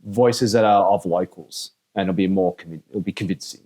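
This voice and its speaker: A deep-voiced man in casual podcast conversation. His tone is dark and mellow, and he explains his speculations at length. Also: a little fast. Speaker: podcast co-host. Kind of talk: casual chat.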